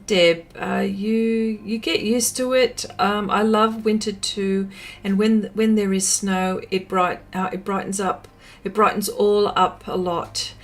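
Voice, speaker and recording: An Australian woman hosting a livestream, chatting casually and reading viewer comments aloud with lots of fillers. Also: medium pitch. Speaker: livestream host. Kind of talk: casual chat while painting, reading comments.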